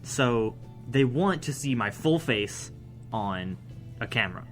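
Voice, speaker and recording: A man's voice: medium pitch, lively intonation, slow, fairly bright tone, soft background music. A young man co-hosting a college radio show, chatting casually in a rambling, hesitant way full of fillers. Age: young adult. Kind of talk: casual chat.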